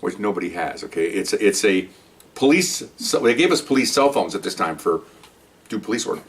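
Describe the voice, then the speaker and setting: A man's voice: sits low, animated, moderate pace, far from the mic. A man in his sixties, a retired police officer casually telling a rambling anecdote with many restarts. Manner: chatty and rambling, with frequent restarts.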